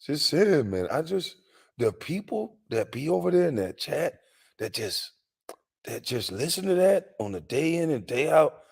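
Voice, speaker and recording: A man's voice: a little high, sing-song, measured pace, creaky, breathy edge. A man hosting a casual comedic livestream, rambling with lots of fillers and frequent laughter. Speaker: livestream host. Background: faint music in the background.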